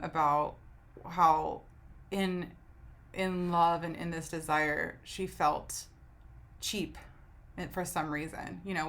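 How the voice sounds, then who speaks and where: Woman with a low gravelly voice talking thru a poetry lesson, lots of um and right?. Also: a bit bright. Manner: conversational, asks "right?" to check in with listeners; thinks aloud with frequent "um" and restarts. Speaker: poetry teacher. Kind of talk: informal video lecture.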